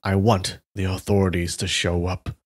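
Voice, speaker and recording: A man's voice: deep voice, little pitch movement, normal speed. A man voicing a bold, arrogant young nobleman in a live story reading, cool and confident.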